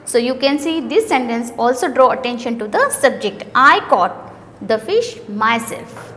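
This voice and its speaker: High-voiced Indian woman teaching grammar. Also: lively intonation, a little slow, fairly bright tone, in a large hall. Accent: Indian English. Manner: reads each sentence, then asks and answers her own questions. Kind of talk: explaining a grammar worksheet.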